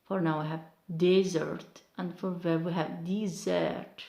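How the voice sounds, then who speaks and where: A woman, teaching English word stress slowly and carefully, repeating each example word. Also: lowish voice, little pitch movement, warm tone, echoey room. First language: Arabic. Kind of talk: online pronunciation lesson.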